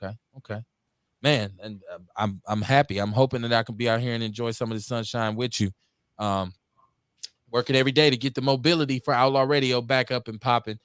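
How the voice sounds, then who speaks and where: A man hosting a call-in radio show talks with fiery conviction. He swings between loud, pitched-up rants and low, dropped asides, swearing as he goes. His voice is mid-pitched and sits close and dry on the mic. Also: fairly even intonation, fairly quick, clear, resonant tone, no room sound. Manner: fiery, preachy, swings between shouting and muttering, swears freely. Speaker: host. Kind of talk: impassioned call-in radio talk.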